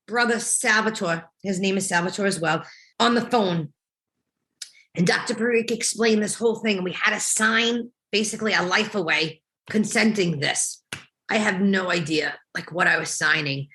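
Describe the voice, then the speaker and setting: A woman's voice: medium pitch, bright, forceful tone. A woman in her thirties, a mother telling her family's story in an emotional, reflective testimony, often quoting what was said. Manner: emotional, reflective, quotes dialogue with small laughs. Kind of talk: personal testimony interview.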